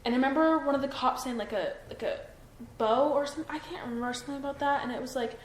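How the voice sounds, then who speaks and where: A woman's voice: high-pitched, fast. Hesitant young woman, echoey room. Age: young adult. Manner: hesitant, full of "like" and restarts. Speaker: witness being interviewed. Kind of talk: halting recollection in an interview. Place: indoors at her home. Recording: echoey room with faint ambient noise.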